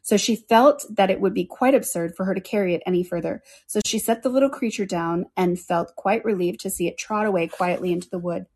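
A woman reads a classic children's story aloud at an even pace. Her voice has a husky, breathy texture and a middle pitch. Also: brisk, hardly any pauses. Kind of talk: reading a children's book aloud.

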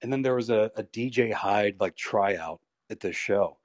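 A male pro wrestler in his thirties, a guest on a podcast, telling candid, profane stories in a rambling, animated way. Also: fairly low pitch, a little slow, no room sound. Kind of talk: candid storytelling interview.

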